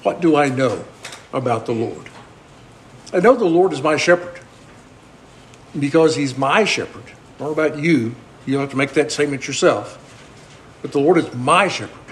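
A man's voice: medium pitch, lively intonation, moderate pace, pauses often, a little hiss or hum. A man preaching a conversational sermon, asking the congregation earnest rhetorical questions.

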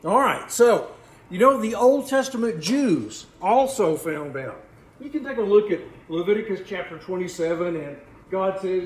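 High-voiced preacher in an echoey hall. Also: male voice, moderate pace. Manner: repeats words, asks the congregation questions. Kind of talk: sermon. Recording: echoey room, faint background noise.

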